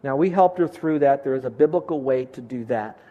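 A man pastoring his church preaches a sermon at a fairly quick pace, captured with lo-fi sound. He's earnest and conversational, and his pitch rises whenever he wants to stress a point.

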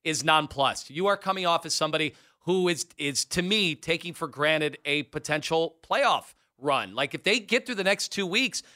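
A man's voice: fairly high pitch, expressive, moderate pace, few pauses, sharp tone. A man co-hosting a sports radio show, arguing insistently and talking over his partner in a heated debate.

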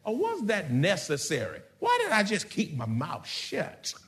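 A man's voice: sits high, huge pitch swings, unhurried, a bit bright. Preaching man, call-and-response style. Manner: preaching with call-and-response questions and rising volume. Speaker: pastor. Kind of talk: sermon.

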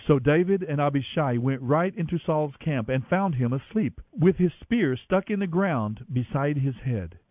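A man with a fairly high voice reads scripture in a steady, measured way. His voice comes through a narrow, phone-like radio line that sounds dry and close. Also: no echo. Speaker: Bible reader on radio. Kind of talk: scripture reading.

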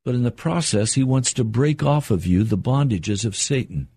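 An older man preaching a sermon in an earnest, measured way, slowing down for emphasis. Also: medium pitch, expressive, warm tone, breathy edge.

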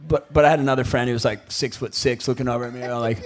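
A man's voice: mid-range voice, fairly even intonation, very fast. A man in his fifties, a former pro surfer, telling rambling stories in a profane, laughing way. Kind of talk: casual storytelling.

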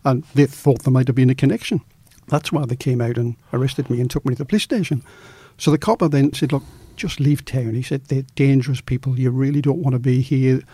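Middle-aged male journalist storyteller, animated, dry close sound. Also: medium pitch, fast, hardly any pauses, breathy edge, no room sound. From Australia. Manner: animated storyteller, acts out quoted dialogue. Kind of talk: storytelling in an interview.

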